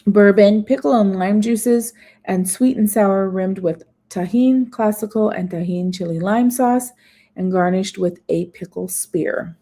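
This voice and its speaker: A woman chats her way through a festival food menu on a live stream. She reads items aloud and breaks off for little asides. Her voice is mellow and warm. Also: mid-range voice, a little slow. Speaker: food vlogger.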